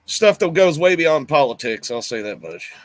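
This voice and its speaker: A man guesting on a stream, telling stories in a relaxed, plain-spoken way. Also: on the high side, normal speed, dry recording. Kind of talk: casual chat.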